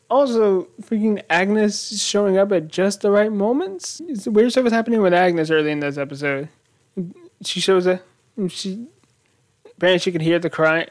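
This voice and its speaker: A man's voice: fairly high pitch, no echo, clean studio sound. Rambling man recapping a TV episode. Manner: rambling, animated, thinks aloud. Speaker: YouTube show host.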